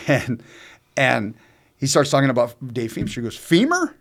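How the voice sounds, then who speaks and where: A man's voice: medium pitch, fairly even intonation, normal speed, creaky. A man telling a long personal story in casual chat, rambling and profane, with many fillers and restarts. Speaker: co-host telling his own story.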